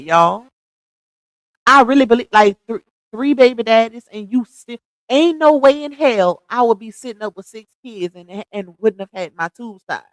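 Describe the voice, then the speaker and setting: A woman's voice: fairly high pitch, no room sound, low-quality recording. Sassy woman, livestream chat. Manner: sassy, laughs often, drawls slang. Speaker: livestream host reading chat comments. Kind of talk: casual live-stream gossip chat.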